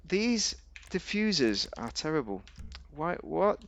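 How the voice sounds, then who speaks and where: Gravelly man rambling over gameplay. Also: lively intonation, normal speed, fairly bright tone. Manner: rambling, chatty, jokey, talks to himself, sudden pitch jumps. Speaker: gaming video host. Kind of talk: casual gameplay commentary.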